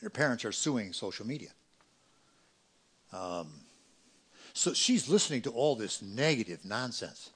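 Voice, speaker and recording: A middle-aged pastor preaching a sermon, swinging between loud emphatic peaks and quiet, quick asides. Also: male voice, mid-range voice, lively intonation, slightly rough.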